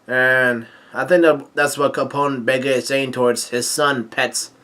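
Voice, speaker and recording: A man reading through a manga chapter aloud in a casual, halting way, with many fillers and restarts and frequent chuckles. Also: mid-range voice, fairly even intonation, sharp tone. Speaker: manga reader and commentator.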